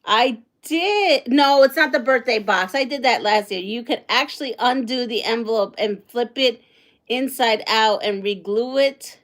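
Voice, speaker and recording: Chatty, excitable woman hosting a livestream. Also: on the high side, a little slow. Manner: chatty, excitable, reads viewer comments aloud. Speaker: livestream host. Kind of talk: casual live chat while unboxing.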